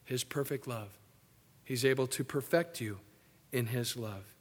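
A man preaching a sermon emphatically, swinging between loud, excited passages and hushed, soft ones. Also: medium pitch, unhurried, slightly rough. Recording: echoey hall.

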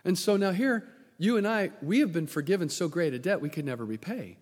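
A man preaching a sermon, swinging from loud bursts to hushed near-whispers and acting out the voices in his story. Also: high voice, lively intonation, brisk. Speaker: pastor. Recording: long hall reverb.

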